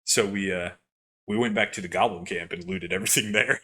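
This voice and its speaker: A young man co-hosting a podcast who tells gaming stories in a rambling, animated way with lots of fillers. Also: low-pitched, brisk. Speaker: podcast co-host. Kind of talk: casual chat, storytelling.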